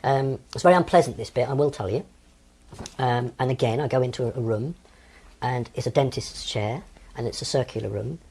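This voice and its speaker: A man's voice: medium pitch, brisk, a little mellow, a little hiss or hum. A man in his sixties from England, an interview guest recounting personal experiences in a hesitant way, with frequent ums and restarts. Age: 60s.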